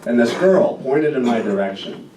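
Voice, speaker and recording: A young man from Indiana doing a stand-up set with self-deprecating, deadpan punchlines. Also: medium pitch, normal speed, slight background noise. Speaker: stand-up comedian. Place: comedy club stage. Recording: roomy club recording from far off. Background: audience laughter.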